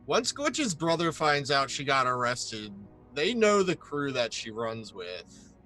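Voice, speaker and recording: A man's voice: mid-range voice, sing-song, slow, pushed and bright, soft background music. A man playing a character in a tabletop game, joking around with the group. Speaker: player.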